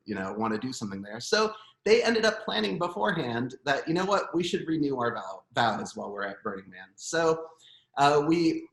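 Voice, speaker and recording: Lively, animated man telling stories. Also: medium pitch. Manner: animated, chuckling storyteller with many fillers. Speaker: guest musician. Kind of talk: casual interview storytelling. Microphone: video call. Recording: roomy echo.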